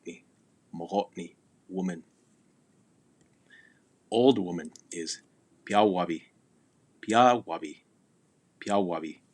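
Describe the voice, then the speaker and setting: A man teaching a recorded language lesson, patiently repeating words slowly for pronunciation drills. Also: low voice.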